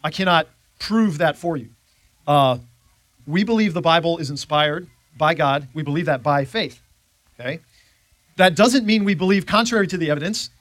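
A man's voice: a little high, moderate pace, fairly bright tone, no room sound. A man teaching a church Bible class in a conversational way, often checking in with his listeners.

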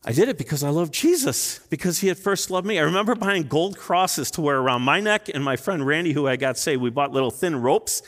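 A man's voice: a little high, expressive, fairly quick, few pauses, a bit bright. Earnest male pastor preaching in a reverberant hall. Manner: earnest, emotional storytelling. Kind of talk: sermon. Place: church sanctuary. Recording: long reverb in a large hall.

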